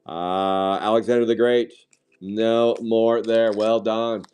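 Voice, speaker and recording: Male card-break streamer, lowish voice, casual and rambling, easily sidetracked. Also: level tone, slow, darkish tone, clear, resonant tone. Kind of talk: casual live-stream chat.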